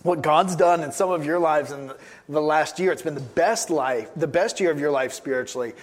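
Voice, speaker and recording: A man's voice: on the high side, normal speed. A man pastor preaching a sermon, emphatic and given to repeating his key phrases.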